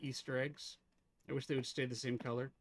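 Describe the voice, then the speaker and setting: A man's voice: medium pitch, flat delivery, a little fast, a little hiss or hum. A man streaming a game live, chatting casually with viewers, teasing them and laughing often.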